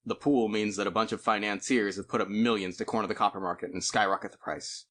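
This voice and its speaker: A man's voice: on the low side, fairly even intonation, fast, fairly bright tone. A man voicing an impatient, wry newspaper reporter in an audiobook. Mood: explaining. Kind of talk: audiobook character voice.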